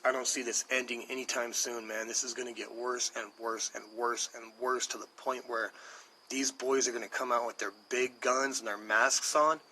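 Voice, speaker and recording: A man's voice: mid-range voice, fairly even intonation, normal speed, bright, forceful tone, slight background noise, low-quality recording. Profane thirty-something American man rambling. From United States. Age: 30s. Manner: profane, emphatic, thinking aloud. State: dry throat. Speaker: streamer. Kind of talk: casual rambling monologue.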